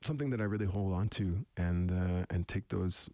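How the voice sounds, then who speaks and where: A young man from eastern Canada with a very low, gravelly voice speaks in a thoughtful, halting way, circling back and restarting as he gathers his ideas. His tone is mellow and dark, and the recording sounds close and dry. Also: dry recording. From Wolastoqey territory, eastern Canada. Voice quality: deep radio voice. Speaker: musician guest. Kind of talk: reflective interview talk.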